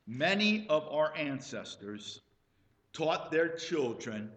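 A man's voice: a little high, very animated, takes it slowly, long pauses, fairly bright tone, reverberant. A male pastor preaching a sermon, telling folksy stories and asking the congregation questions.

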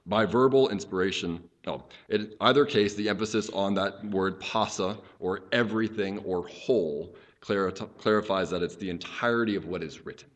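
Earnest pastor with a lowish voice. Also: male voice. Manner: earnest, explanatory, restarts phrases while thinking aloud. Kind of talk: expository teaching sermon.

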